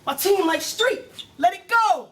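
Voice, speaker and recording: A man's voice: very high-pitched, animated, a little slow, a bit bright. A man performing Christian battle rap live before an audience, with a rhythmic, preachy, punchline-driven delivery. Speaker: battle rapper.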